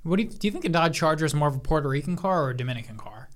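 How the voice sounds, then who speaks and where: A woman with a low voice that swings widely in pitch, co-hosting a podcast. She talks in blunt, teasing casual chat and swears freely. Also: animated, rapid-fire. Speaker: podcast co-host.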